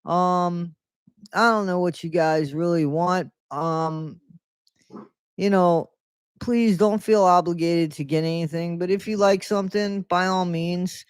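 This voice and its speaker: Guy rambling on a morning livestream, kinda high voice, smooth and dry sound. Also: fairly even intonation, slow, no room sound. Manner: chatty, greets viewers by name, loose and rambling. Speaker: livestream host. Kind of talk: casual morning livestream chat.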